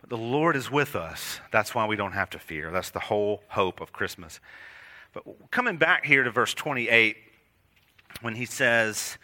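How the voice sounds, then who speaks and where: A man preaching with a very bright, forward tone and a lively, wide-ranging pitch. He speaks earnestly to his congregation, rising to emphatic high points and sinking to hushed, weighty lines. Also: unhurried. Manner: addresses congregation directly. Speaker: pastor. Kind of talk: sermon.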